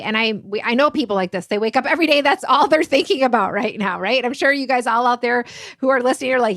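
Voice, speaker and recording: A woman's voice: fairly high pitch, lively intonation, quick pace, fairly bright tone, no echo. Chatty woman podcast host, dry sound. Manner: enthusiastic, chatty, rambling questions. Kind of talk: podcast interview talk.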